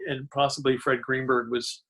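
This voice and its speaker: Male guest, easygoing, mid pitch, reminiscing in a casual chat. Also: moderate pace. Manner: relaxed, laughs often, recalls details. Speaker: comic artist and writer guest.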